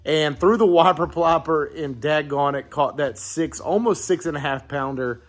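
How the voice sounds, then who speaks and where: A man's voice: a little high, normal speed, dry recording. A man vlogging while fishing outdoors at a pond, talking casually and exclaiming a lot. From southeastern Virginia, US. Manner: excitable, exclaims repeatedly. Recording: faint music in the background.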